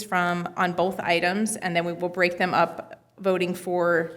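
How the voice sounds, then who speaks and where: A woman's voice: lowish voice, fairly bright tone. A woman mayor chairing a city council meeting in a casual, procedural way. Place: council chamber.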